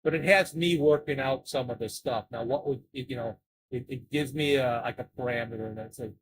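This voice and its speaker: Man, live streamer, casual chat, halting, repeats himself, mid-pitched voice. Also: poor audio. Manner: halting, repeats words often.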